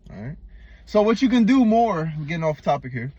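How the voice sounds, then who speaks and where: Blunt, profane, higher-voiced male vlogger. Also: big pitch swings, brisk, dark tone, husky, dry recording, highs cut off. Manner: blunt, profane, slangy, addresses viewer as "man" and "bro". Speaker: relationship advice vlogger. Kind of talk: unscripted advice monologue.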